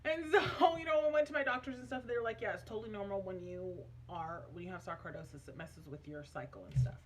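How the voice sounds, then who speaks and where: A woman's voice: fairly low pitch, fast, a little hiss or hum. A young adult woman vlogging casually, telling a personal story in a chatty, emotional way with many fillers.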